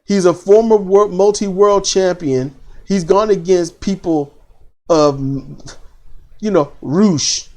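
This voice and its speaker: A man hosting a casual wrestling commentary, animated and opinionated, repeating phrases for emphasis. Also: high-pitched, takes it slowly. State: choked up.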